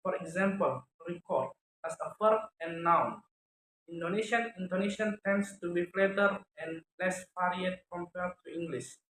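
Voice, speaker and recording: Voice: medium pitch, moderate pace, fairly bright tone, a little hiss or hum. Student reading a phonetics talk, echoey room. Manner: reads from notes, stopping to sound out example words. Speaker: student presenter. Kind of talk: read-aloud academic presentation.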